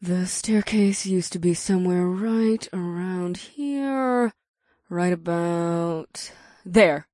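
Naomi, a dry, low-voiced witch, voiced by a woman. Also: slow, warm tone, dry recording. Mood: focused. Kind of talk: audiobook dialogue.

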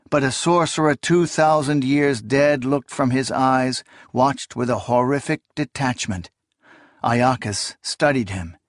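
Man narrating a dark fantasy audiobook. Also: mid-range voice, dry recording, clean studio sound. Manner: steady, dramatic dark-fantasy storytelling. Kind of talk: scripted narration.

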